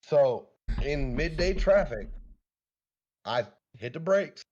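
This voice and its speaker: A man's voice: a little high, sing-song, slow pace. A man with a congested, sick voice, telling a story in casual chat and swearing freely. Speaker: podcast co-host. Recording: dull lo-fi mic with clear noise.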